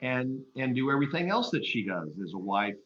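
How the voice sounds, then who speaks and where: A man's voice: mid-range voice, sing-song, a little fast, a bit bright. A man hosting a live interview, asking casual questions and encouraging his guest. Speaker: host. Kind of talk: live video call interview. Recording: dull lo-fi sound in a roomy space.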